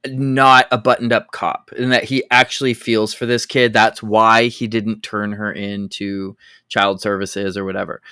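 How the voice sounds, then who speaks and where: A man's voice: medium pitch, bright, forceful tone, clear, resonant tone, dry recording, clean studio sound. A man on a film podcast, talking through his reading of a scene in a reflective way. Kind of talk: casual film discussion.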